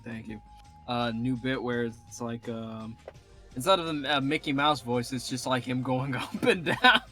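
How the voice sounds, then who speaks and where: A male streamer chatting casually and reading game characters aloud, animated and quick to laugh and swear. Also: medium pitch, soft background music. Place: home streaming setup.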